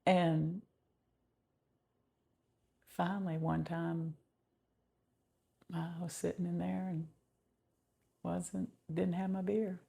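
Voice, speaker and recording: A middle-aged woman giving a slow, heartfelt personal faith testimony, often dropping to a whisper. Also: fairly low pitch, level tone, dark tone. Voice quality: gravelly and very husky. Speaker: testimony vlogger.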